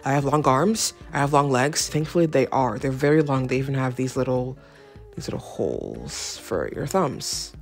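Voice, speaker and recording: A woman's voice: rumbling low, lively intonation, normal speed, faint music behind. A young woman hosting a casual clothing haul vlog at home, playful and self-mocking, chatting straight to the viewer with theatrical asides. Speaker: fashion vlogger.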